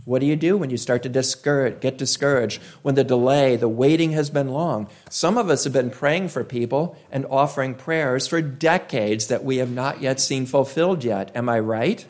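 Preacher, male, emphatic sermon delivery, repeats lines for weight, slow deliberate pauses. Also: medium pitch, a little mellow. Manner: emphatic, repeats key phrases, drawn-out pauses.

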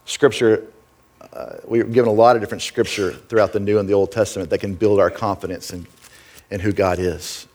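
A man's voice: fairly low pitch, fairly even intonation, fairly quick, darkish tone. A middle-aged man preaching a sermon as pastor, earnest and conversational, often checking in with "right?".

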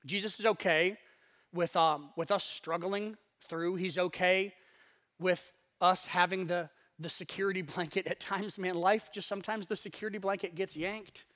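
High-voiced man preaching conversationally. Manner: conversational, acts out inner voices; wide swings in loudness. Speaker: pastor. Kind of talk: sermon.

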